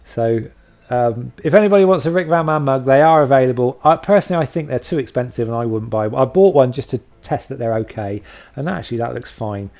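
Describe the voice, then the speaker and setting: A man's voice: medium pitch, lively intonation, fast, darkish tone. A man hosting a casual video log, chatty and self-deprecating, rambling with lots of fillers. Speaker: channel host.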